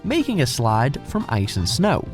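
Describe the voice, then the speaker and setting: A man's voice: mid-range voice, huge pitch swings, measured pace, soft background music. A man narrating a scripted countdown video in a wry, sardonic tone.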